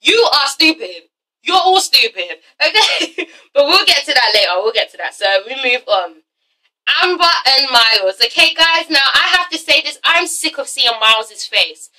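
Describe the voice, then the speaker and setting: A woman hosting a blunt, animated casual vlog review, swearing freely. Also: high voice, normal speed, far from the mic, poor audio. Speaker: vlog host reviewing a reality TV show.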